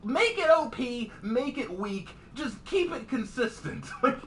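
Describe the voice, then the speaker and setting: Young man, gaming stream host, laughs a lot, bright, very expressive pitch. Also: a little slow, a little hiss or hum. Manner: animated storyteller, laughs often. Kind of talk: casual gaming-stream chat.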